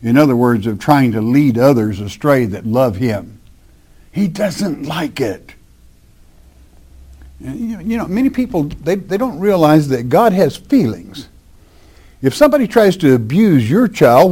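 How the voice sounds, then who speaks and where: A man teaching the Bible verse by verse, reading scripture slowly with emphasis and then explaining it in plain, folksy talk. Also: medium pitch, sing-song, dark tone, slightly rough.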